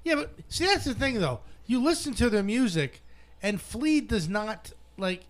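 A man's voice: sits high, lively intonation, unhurried. A man co-hosting a casual music chat, rambling and joking as he talks.

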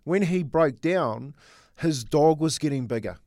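A middle-aged man, a former coach, telling a personal story in casual sports chat with earnest, halting repeats. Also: a little high, lively intonation, darkish tone, no echo, studio quality. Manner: earnest, storytelling, repeats words while thinking. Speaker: former rugby league coach, co-host.

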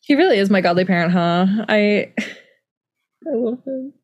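A woman's voice: medium pitch, animated, measured pace, a little mellow, lo-fi sound. A young woman co-hosting a casual book chat, rambling with many "like" fillers and restarts. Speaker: podcast co-host.

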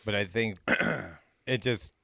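A man in casual podcast chat who speaks haltingly, restarting and trailing off. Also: lowish voice, gravelly, a bit bright, no echo, studio quality. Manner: halting, trails off, many fillers. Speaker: podcast co-host.

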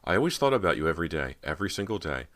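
A man's voice: low-pitched, big pitch swings, very fast, fairly bright tone, heavily acted. A man voicing a frightened teenage girl who speaks in a trembling, pleading way in an audiobook. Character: frightened teenage girl searching for her sister's ghost.

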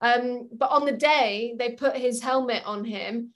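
A young woman telling stories from a film set in a casual interview. Her voice sits a little high and she laughs easily as she talks. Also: measured pace. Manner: giggly, animated storytelling. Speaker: actress, guest.

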